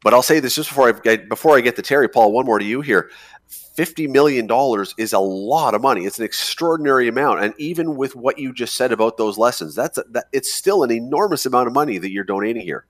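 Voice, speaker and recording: A man's voice: medium pitch, animated, fast. A man hosting a morning radio show, chatty and emphatic, often repeating words as he starts a thought. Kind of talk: casual radio interview.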